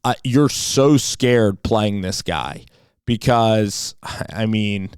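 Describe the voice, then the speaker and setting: A man's voice: lowish voice, very slow, smooth, no room sound. An enthusiastic man giving a casual football film breakdown, with frequent "like" and "you know" fillers.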